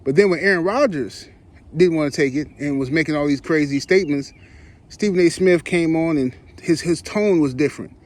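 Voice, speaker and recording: A man's voice: a little high, fairly quick. A man giving heated, rambling opinion commentary for his online channel, in slangy speech with frequent restarts. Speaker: YouTube commentator.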